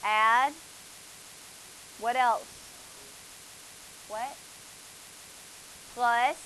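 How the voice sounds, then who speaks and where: A woman's voice: fairly high pitch, fairly even intonation, extremely slow, pushed and bright, slight background noise, low-quality recording. A woman, teaching a math class, asking students questions and praising their answers.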